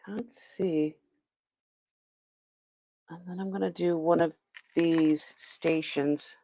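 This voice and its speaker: A woman's voice: lowish voice, steady tone, takes it slowly, dark tone, no room sound. A woman hosting a live-stream sale, chatting as she unboxes and tests items, exclaiming often and laughing as she goes.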